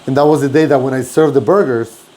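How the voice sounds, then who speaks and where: A middle-aged chef from Mexico with a Mexican Spanish accent, telling stories in casual chat and acting out other people's lines. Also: male voice, mid-range voice, fast talker. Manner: animated, acts out quoted voices. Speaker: chef and podcast co-host.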